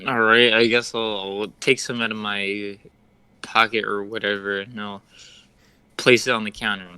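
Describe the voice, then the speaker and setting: A man taking part as a player in a tabletop game. His voice is bright and smooth, a little low in pitch, and sounds dry and close. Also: little pitch movement, normal speed, no room sound, low-quality recording.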